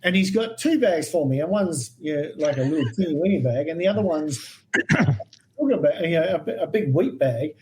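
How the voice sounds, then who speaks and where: An Australian man tells stories in a podcast chat, his voice sitting a little high. He brings people to life by acting out what they said, and keeps the tale rolling. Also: a little fast, slight background noise, low-quality recording. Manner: animated anecdotal storyteller, acts out quoted voices. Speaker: guest herpetologist. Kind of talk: storytelling in a podcast interview.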